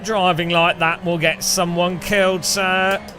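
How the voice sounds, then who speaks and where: A man voicing a pompous, plodding British policeman who lectures slowly, with music playing behind. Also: high voice, flat delivery, bright, forceful tone. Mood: lecturing. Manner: slow, droning, lecturing.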